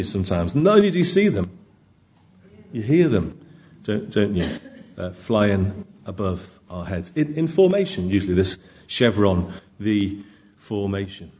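Lively-voiced male pastor preaching. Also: fairly low pitch. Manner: conversational, with many rhetorical questions. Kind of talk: sermon. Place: church.

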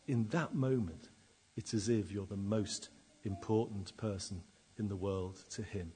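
A man delivers a sermon in a slightly husky, breathy voice. He reads scripture and then expounds on it, drawing out key words with slow pauses and swelling to loud emphasis before falling quiet again. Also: lowish voice. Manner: dramatic, wide swings in loudness, slow emphatic pauses. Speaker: preacher.

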